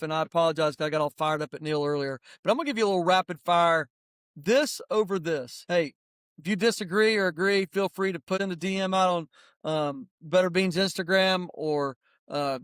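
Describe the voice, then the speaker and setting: A man's voice: a little high, a bit bright, smooth, dry recording. Middle-aged guy hosting a podcast, all fired up and blunt, dry close sound. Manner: rapid-fire opinions. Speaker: podcast host. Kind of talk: casual motivational podcast talk.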